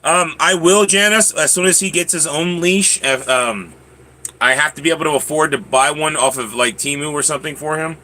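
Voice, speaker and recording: Man, livestream host, bright voice, casual chatty delivery. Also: moderate pace. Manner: chatty, talks to his pets in a high coaxing voice; answers viewers' chat comments.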